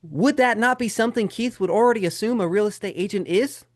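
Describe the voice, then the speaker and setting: A man teaches a live real estate sales webinar at a fast clip in a high voice, speaking directly to his audience as "guys" and asking rhetorical questions. The recording is clean studio sound with no room sound.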